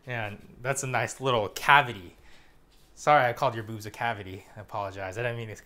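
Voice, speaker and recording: A man's voice: fairly low pitch, steady tone, fast talker, a crowd in the background. A man vlogging casually on a lavalier mic, chatty and playful as he shows off his gear. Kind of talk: casual vlog chat. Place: outdoors at a car wash.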